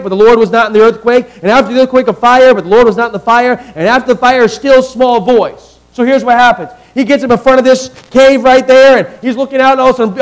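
Man, preacher, very high voice, sermon, quiet asides then loud drawn-out emphasis. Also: low-quality recording. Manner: reads scripture in King James wording.

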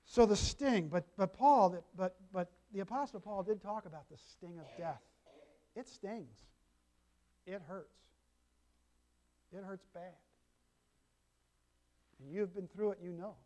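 A man's voice: high voice, takes it slowly, pauses often, mellow. An older man, a grandfather, preaching a sermon as pastor and telling homely stories with asides to the congregation. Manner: folksy storytelling with congregation asides.

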